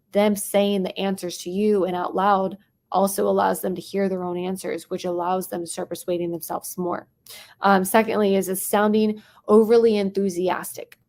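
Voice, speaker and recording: A young adult woman coaching on sales tonality, talking quickly and dropping into whispers or bright bursts to show different tones. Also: medium pitch. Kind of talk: teaching sales tonality to a live chat audience.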